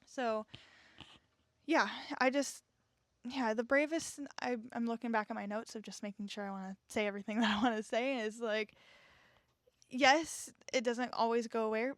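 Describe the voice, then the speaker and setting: A woman's voice: on the high side, fairly even intonation, moderate pace, no echo, studio quality. A young woman hosting a solo podcast, talking in an earnest, reassuring, chatty way and often checking in with "okay?". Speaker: podcast host.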